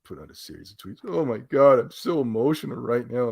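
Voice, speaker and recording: A man's voice: mid-range voice, big pitch swings, brisk, vocal fry, hardly any pauses, darkish tone, breathy edge. An indignant man rants through a gaming commentary. His tone is sarcastic and mocking, with a middling voice. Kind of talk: ranting commentary.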